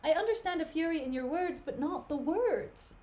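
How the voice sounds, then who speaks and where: A woman's voice: sits high, animated, normal speed, a little mellow, pitched above the performer's own voice. A woman reading the part of a young noblewoman pleading with her husband, in an earnest, imploring way. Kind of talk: casual dramatic reading on a livestream.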